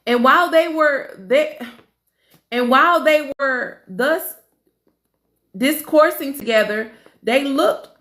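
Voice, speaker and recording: Woman, high voice, slow careful reading, echoey room. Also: a bit bright. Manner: slow reading, stumbling over names, casual asides. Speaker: Bible study reader. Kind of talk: reading scripture aloud with commentary.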